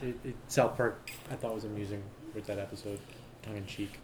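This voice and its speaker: A man's voice: lowish voice, level tone, fast talker, roomy sound, background noise. A man co-hosting a casual podcast chat, loose and repetitive, swearing casually. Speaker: podcast co-host.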